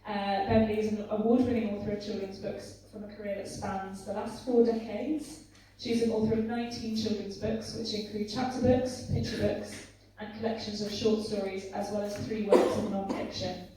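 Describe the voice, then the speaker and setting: A woman's voice: medium pitch, level tone, normal speed, dark tone, far from the mic, a little hiss or hum. A woman acting as interviewer and conference host, reading an introduction and asking questions with many small fillers. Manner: reads her introduction with many ums and uhs. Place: conference hall. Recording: very echoey hall, voice from off-mic.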